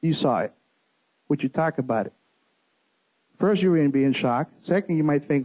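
A middle-aged man speaks to a crowd in a fairly high yet mellow voice, recounting his own story. He tells it in an animated way, trips over and repeats words, and keeps calling his listeners folks. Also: fairly quick, rough recording. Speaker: speaker giving a talk to an audience. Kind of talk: personal storytelling presentation.

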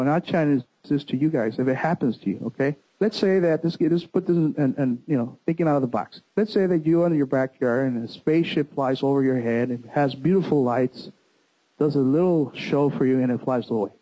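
Middle-aged male speaker, warm mellow tone, animated storytelling presentation, frequent restarts. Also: medium pitch, brisk, low-quality recording. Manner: animated, repeats words and restarts, addresses listeners as folks. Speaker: speaker giving a talk to an audience.

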